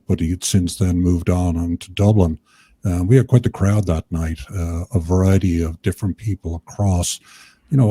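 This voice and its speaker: A man guesting on a talk show explains things in a measured, unhurried way, pausing on fillers. His voice is very deep and dark, with a husky edge. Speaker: podcast co-host, guest. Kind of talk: casual interview chat.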